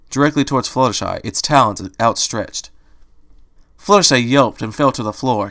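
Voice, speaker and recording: A man reads a story aloud in a steady storytelling voice at an ordinary middle pitch, narrating the scene between the characters' lines. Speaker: reader. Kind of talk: reading fan fiction aloud.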